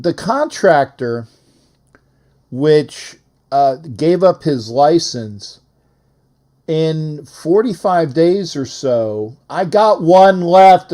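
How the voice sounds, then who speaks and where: A man's voice: a little high, warm tone. Rambling male call-in show host. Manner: rambling and repetitive, reads out phone numbers. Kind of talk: casual live call-in sports chat.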